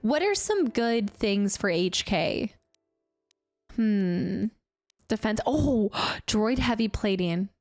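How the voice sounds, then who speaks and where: A woman's voice: mid-range voice, lively intonation, slow pace, a little mellow, soft background music. A young woman streaming a game, chatting, giggling and reading out chat as she plays. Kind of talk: live gameplay commentary.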